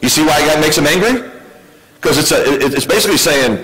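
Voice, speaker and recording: A man's voice: a little high, animated, fast, a bit bright, low-quality recording. A male pastor preaching a sermon in a conversational way, often asking his congregation questions. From United States.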